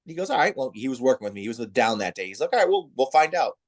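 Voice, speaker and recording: A male guest who heads the volleyball officials, the chief referee, chats in a casual interview as a lively, animated storyteller who acts out quoted voices. He speaks fast in a mid-pitched voice.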